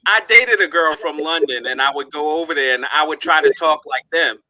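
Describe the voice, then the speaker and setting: A man on a casual panel chat, joking and giving drawn-out explanations. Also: fairly high pitch, bright, forceful tone, no echo, low-quality recording.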